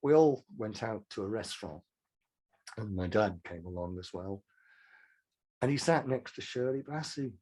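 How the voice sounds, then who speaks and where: A man's voice: fairly low pitch, lively intonation, normal speed, long pauses, mellow. An older man, a songwriter telling frank, rambling anecdotes in an interview. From Manchester, England. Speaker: songwriter guest. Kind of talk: casual interview storytelling.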